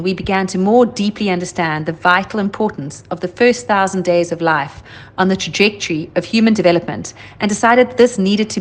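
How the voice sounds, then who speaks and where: A woman reading a formal documentary voice-over at a steady pace. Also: medium pitch, poor audio. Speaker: organisation spokesperson.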